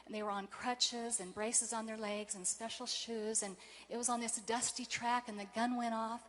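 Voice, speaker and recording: A woman giving a motivational convention speech, telling personal stories in a warm, emotional way. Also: on the high side, little pitch movement, moderate pace, slight background noise. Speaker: convention speaker.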